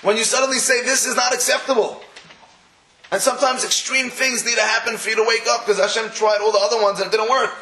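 A man's voice: extremely high pitch, fairly even intonation, fast, sharp tone, roomy sound. A man giving a sermon in story form, acting out the voices he quotes and mixing in Hebrew and Yiddish terms. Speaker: religious speaker. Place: room in England.

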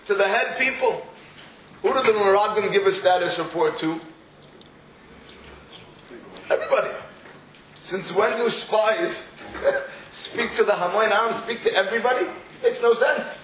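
A man's voice: high voice, fairly bright tone, roomy sound, slight background noise, rough recording. A man, giving a weekly Torah class. He poses rhetorical questions and breaks into storytelling asides. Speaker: Torah teacher.

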